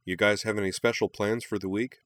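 A man voicing an easygoing young male adventurer in a storybook reading, relaxed and breezy. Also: on the low side, fairly quick, dry recording, close to an everyday voice.

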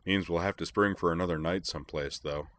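A big, calm young man with a deep, dry, unhurried voice, as a storyteller puts him on. He sounds unbothered. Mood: laid-back.

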